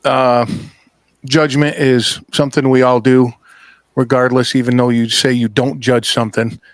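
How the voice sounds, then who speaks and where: A man's voice: medium pitch, flat delivery, moderate pace, dry recording. A man hosting a podcast, chatting casually and telling stories bluntly with plenty of swearing. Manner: blunt, profane storyteller. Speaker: podcast host. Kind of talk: casual chat.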